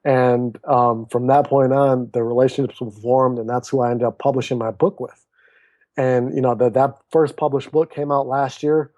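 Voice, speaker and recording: A man's voice: medium pitch, normal speed, dry recording, dull audio. A man in his thirties, a podcast guest who tells his story in a casual interview and acts out the voices of people in it. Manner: animated storyteller who acts out quoted dialogue. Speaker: podcast guest, author and speaker.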